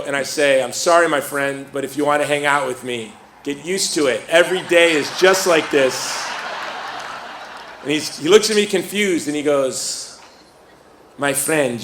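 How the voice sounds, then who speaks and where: A middle-aged man giving a speech at a rally, telling stories in an animated way and joking about himself. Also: a little high, moderate pace, slight background noise. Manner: animated storytelling, self-mocking humor. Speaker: speaker at a rally. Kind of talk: storytelling speech. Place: stadium. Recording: roomy stadium sound.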